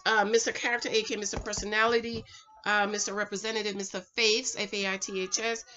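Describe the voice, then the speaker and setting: A woman's voice: mid-range voice, quick pace, muffled recording, slight background noise. A middle-aged woman, chatting casually to camera at home, giving preachy dating advice. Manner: chatty, preachy, animated, talks straight to the viewer. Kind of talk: casual vlog chat.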